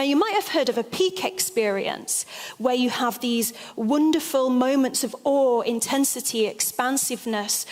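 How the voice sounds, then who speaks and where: Woman telling stories in a stage talk, fairly high voice, long hall echo. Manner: expressive, animated storyteller. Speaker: expert speaker on altered states.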